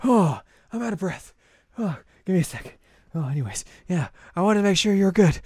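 A man's voice: high voice, sing-song, fairly quick, darkish tone, breathy edge, no echo, pitched above the performer's own voice, heavily acted. A man doing a breathless peppy teen girl. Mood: breathless, cheerful. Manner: gushing, panting encouragement.

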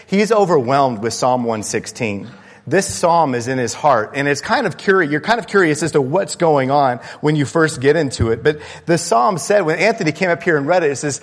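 A man's voice: a little high, animated, moderate pace, in a large hall. A man preaching a sermon as pastor, talking conversationally to his congregation and building to impassioned peaks. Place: church sanctuary.

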